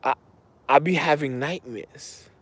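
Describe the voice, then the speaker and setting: Rambling man, erratic and repetitive, a touch higher voice than most. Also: measured pace, fairly bright tone, husky, dry recording. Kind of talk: rambling monologue to camera.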